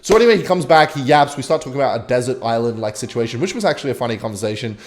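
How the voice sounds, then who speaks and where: A young man telling a rambling, swear-filled story while commentating his own gameplay, with sudden excited outbursts. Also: mid-range voice, racing. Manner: animated, swearing, bursts of excitement while playing. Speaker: gaming vlogger.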